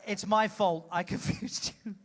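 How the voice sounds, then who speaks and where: A man's voice: high-pitched, steady tone, unhurried. A man hosting an audience-participation comedy show on a ship stage, teasing and bossing volunteers through a handheld mic. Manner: teasing, flamboyant, bossy direction. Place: ship theater.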